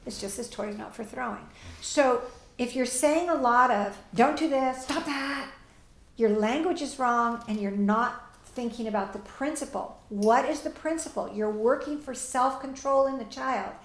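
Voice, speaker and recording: A woman's voice: on the high side, moderate pace, creaky, reverberant. A woman teaching parents and answering audience questions, plainspoken and direct, often acting out what parents and children say.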